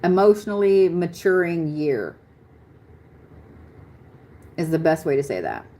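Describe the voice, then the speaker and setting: A woman's voice: fairly low pitch, very animated, unhurried, dark tone. Blunt, chatty woman reading astrology. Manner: blunt, swearing, laughs often. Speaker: astrology reader. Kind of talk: live-stream chart reading.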